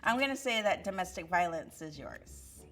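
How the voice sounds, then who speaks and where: A woman's voice: lowish voice, sing-song, normal speed, fairly bright tone, faint music behind. A woman judging a lineup, asking suspects blunt, direct questions. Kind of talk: casual questioning.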